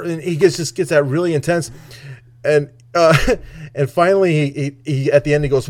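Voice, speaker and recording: A man talking casually on a podcast, rambling with many restarts and getting animated when he retells a comedian's bits. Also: a little high, moderate pace. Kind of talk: casual chat.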